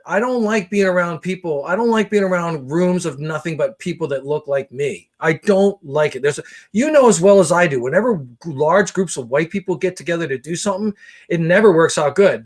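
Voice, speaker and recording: A man co-hosting a comedy show, telling an exasperated, profane story with animated delivery and quick impressions of people. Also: on the high side. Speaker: podcast co-host.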